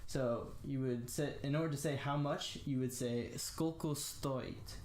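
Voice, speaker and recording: A young American man giving a casual spoken language lesson, slowly demonstrating phrases with lots of "uh" and "um". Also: mid-range voice, fairly even intonation, a little mellow, echoey room, a little hiss or hum. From United States. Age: young adult. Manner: slow, careful demonstration of phrases with frequent fillers. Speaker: language tutor.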